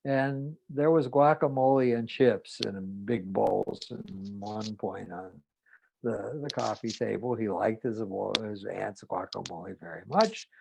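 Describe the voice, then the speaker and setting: A man, a psychotherapist, telling a clinical case story in a measured way with hesitant pauses. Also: on the low side, creaky, a little mellow, a little hiss or hum, rough recording. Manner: measured, with hesitant fillers and restarts.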